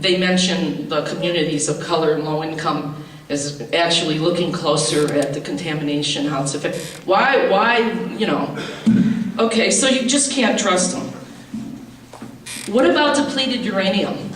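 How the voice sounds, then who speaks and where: Man, fervent public comment, high voice, heavy hall echo. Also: fairly bright tone. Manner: fervent, rambling, builds to outcry. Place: large public meeting hall. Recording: echoey hall, distant mic, faint noise.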